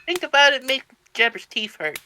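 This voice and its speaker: A man's voice: very high voice, big pitch swings, pushed and bright, a little hiss or hum, exaggerated voice. A man voicing a simple-minded adventurer who halts, stammers and talks about himself in broken third person. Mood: musing. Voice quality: halting, stammering.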